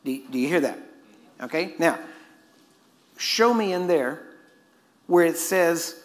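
A man's voice: a little high, expressive, takes it slowly. A man preaching a sermon, emphatic and constantly quizzing his listeners. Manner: emphatic, questioning the audience.

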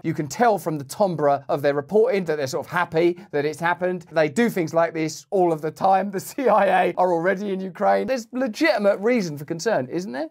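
A man hosting a political commentary show, with a sardonic, mocking delivery. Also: fairly high pitch. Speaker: host.

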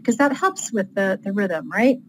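A woman's voice: medium pitch, expressive, measured pace, fairly bright tone, slight background noise, low-quality recording. Chatty female author explaining writing. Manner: chatty, with frequent fillers and light laughs. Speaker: author guest. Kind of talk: casual teaching interview.

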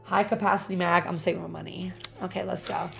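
A woman streaming a video game, talking to her chat in an expressive, dramatic way and swearing freely. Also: lowish voice, fast talker, gravelly. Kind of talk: casual gaming livestream chat. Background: faint game music.

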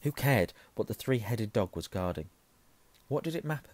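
A hoarse man reading a novel aloud, hushing at tense moments and correcting himself. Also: fairly low pitch, animated, moderate pace, no room sound. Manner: self-correcting, softening to a hush at tense moments. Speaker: reader.

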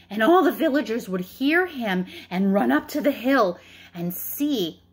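A woman in her thirties reading a children's story aloud in an expressive, chatty way. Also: on the high side, unhurried, slightly rough.

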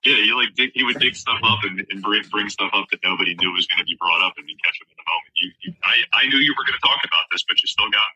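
A man in his forties from southern New Jersey, a podcast guest speaking earnestly and haltingly with many fillers. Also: on the low side, sharp tone, husky, no room sound, low-quality recording. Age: 40s. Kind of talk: casual interview chat.

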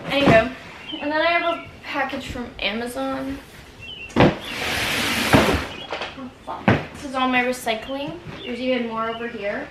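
Casual young woman vlogger, slightly high voice, rambly "like"-filled talk, roomy apartment sound with noise behind. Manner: rambling, heavy use of "like", candid. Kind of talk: casual vlog chat. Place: apartment, indoors. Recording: echoey room with background noise.

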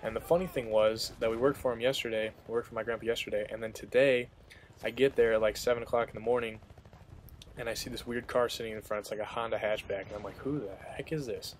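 Flat-voiced young man rambling over gameplay. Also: on the low side, quick pace, slight background noise. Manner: rambling, filler-heavy storytelling. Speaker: gameplay commentator. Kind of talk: casual commentary over gameplay.

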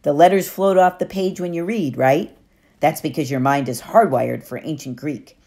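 A woman's voice: sits low, moderate pace, mellow. A woman voicing a knowing, clever teen girl. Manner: knowing and explanatory. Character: clever, self-assured teenage girl.

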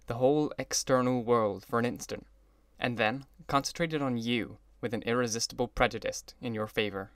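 In this scripted novel narration, a man voices a classic book with a mid-pitched, steady tone and an evenly measured pace. The recording is dry and close-miked, without any room sound.

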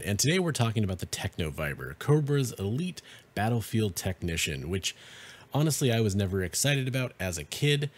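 A man's voice: lowish voice, a little mellow. A man giving a casual, reflective opinion on a toy figure in a conversational tone. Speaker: toy reviewer.

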